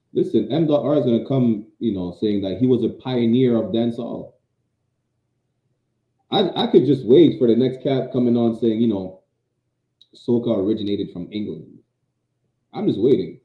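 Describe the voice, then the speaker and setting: A man's voice: medium pitch, expressive, normal speed, long pauses. A man co-hosting a podcast in argumentative casual chat, often stammering into restarts, heard over a tinny line. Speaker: podcast co-host. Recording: tinny phone-like line, roomy echo.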